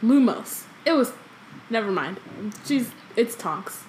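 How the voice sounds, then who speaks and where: A woman's voice: medium pitch, normal speed, fairly bright tone, slight background noise. A young woman co-hosting a casual book podcast, reading a novel aloud and breaking off into joking commentary with plenty of ums. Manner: chatty, reads then breaks off into joking commentary with many ums.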